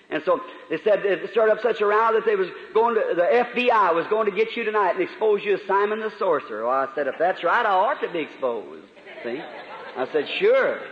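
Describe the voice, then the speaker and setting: A man preaching a revival sermon, moving between loud fervent preaching and quiet storytelling. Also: sits high. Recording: dull old hall recording with echo.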